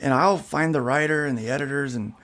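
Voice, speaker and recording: Gravelly-voiced man hosting a podcast. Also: medium pitch, a little fast, fairly bright tone. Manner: reads headlines, then jokes. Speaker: podcast host. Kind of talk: casual chat, reading news. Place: studio.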